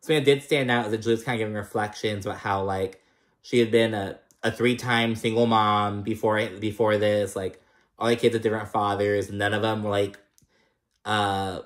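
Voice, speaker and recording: A man's voice: little pitch movement, normal speed. A young man recapping a reality show in a casual rant, swearing freely and sounding fed up with the cast. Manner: profane, exasperated, mimics cast members in higher voices.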